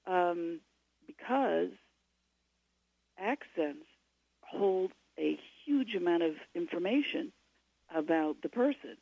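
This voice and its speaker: Woman guest, fry-heavy voice, chatty radio interview, slightly muffled line. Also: on the low side, lively intonation, takes it slowly, long pauses, no room sound. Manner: chatty, many fillers and restarts. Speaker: guest author. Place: at home.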